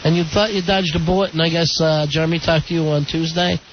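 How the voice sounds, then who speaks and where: A man's voice: on the high side, little pitch movement, fast talker. A man hosting a radio talk show, chatting casually and telling stories. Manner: chatty, storytelling. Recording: dull lo-fi radio broadcast with faint noise.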